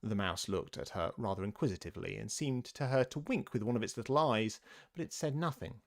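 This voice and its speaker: A man reading a children's classic aloud in an expressive storybook narration. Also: on the low side, a little fast, creaky. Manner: animated, lively reading voice.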